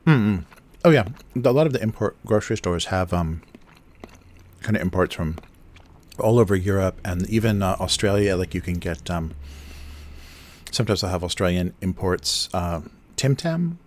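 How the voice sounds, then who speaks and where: A low-pitched man chatting casually on his livestream from a home setup, talking close into a desk microphone. He wanders through his explanations with plenty of ums, uhs and restarts. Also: lively intonation, normal speed, pauses often. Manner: rambling, explains with many fillers and restarts. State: chewing food near the mic. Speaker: livestream host, cartoonist. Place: home studio in Japan. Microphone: close desk mic.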